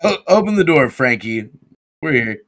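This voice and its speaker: A man's voice: mid-range voice, big pitch swings, moderate pace, fairly bright tone. A man playing a tabletop game who talks in a laid-back, hesitant way. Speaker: player. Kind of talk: tabletop game play, casual chat.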